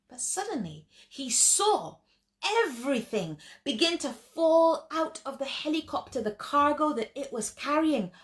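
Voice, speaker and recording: A woman tells a children's story with lively, expressive narration and asks her listeners questions along the way. Her voice sits high and sounds bright and crisp. She keeps the telling animated from line to line. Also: unhurried.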